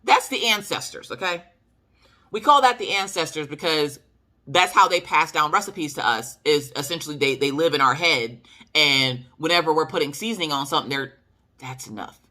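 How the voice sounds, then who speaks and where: A woman's voice: sits low, normal speed, bright, forceful tone. A woman with a Southern US accent telling a story to her viewers in a sassy, emphatic way. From Southern United States. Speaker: vlogger. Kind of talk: casual storytelling to camera.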